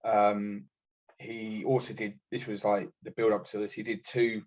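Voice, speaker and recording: British ex-army guy telling war stories, low voice, sweary, kinda muffled lo-fi sound. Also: little pitch movement, measured pace. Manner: blunt, sweary storyteller acting out quotes. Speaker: army veteran guest. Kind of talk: casual war story telling. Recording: dull lo-fi podcast audio.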